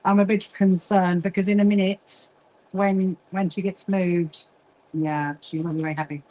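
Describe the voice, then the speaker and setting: Her voice is on the low side and warm, though delivered flatly at normal speed, and the audio is poor. This middle-aged quilting association founder chats through a relaxed sewing livestream, welcoming viewers by name and drifting off topic easily.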